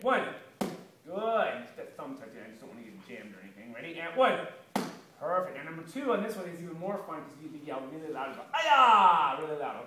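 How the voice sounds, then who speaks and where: A man coaches a child through karate drills, rattling off counts and praise at a brisk clip. His voice sits a little high for a man and bounces around a bare, echoey studio. He stands back from the microphone, with a faint hiss underneath. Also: a bit bright, far from the mic. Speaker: karate instructor. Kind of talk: kids' self-defense lesson. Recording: echoey room, voice from off-mic.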